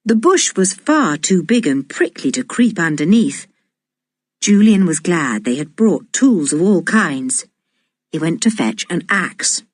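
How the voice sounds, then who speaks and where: A woman reading a children's adventure audiobook aloud in a slow, deliberate and expressive way. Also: on the low side, dry recording, clean studio sound. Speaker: audiobook reader. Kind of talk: storybook narration.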